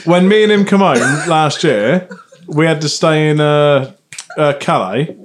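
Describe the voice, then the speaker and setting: A man's voice: on the high side, measured pace. A man co-hosting a podcast, telling a story in casual chat, laughing and swearing freely. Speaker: podcast co-host.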